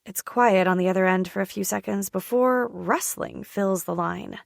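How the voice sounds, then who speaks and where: A woman narrating a first-person romance audiobook in an intimate, expressive way on a close studio mic. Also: mid-range voice, moderate pace, vocal fry, few pauses, dry recording.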